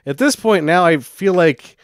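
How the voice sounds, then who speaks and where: A man explains movie logic in a deadpan, joking way, tossing off dry asides. His voice sits at an average pitch but moves expressively. The sound is dry and close. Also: unhurried, dry recording. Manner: deadpan theorizing with dry jokes. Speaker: podcast co-host. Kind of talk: comedic movie discussion.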